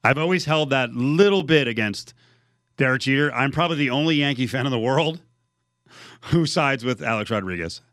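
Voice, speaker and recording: A man's voice: medium pitch, animated, moderate pace, fairly bright tone, no echo, studio quality. A man hosting sports talk radio, bantering wryly and reading ticket promos.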